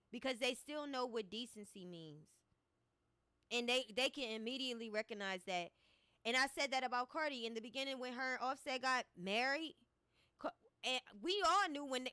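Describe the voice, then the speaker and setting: A woman's voice: sits high, sharp tone, no room sound. A woman giving opinionated commentary on a vlog, speaking emphatically and repeating her points. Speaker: commentary vlogger.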